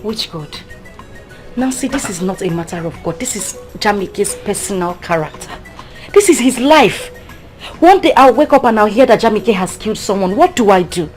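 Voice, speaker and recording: A woman's voice: medium pitch, expressive, normal speed, a little mellow, faint music behind, natural voice. An actress with a Nigerian accent playing a young woman fed up with her hot-tempered boyfriend. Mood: indignant. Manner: indignant, emphatic.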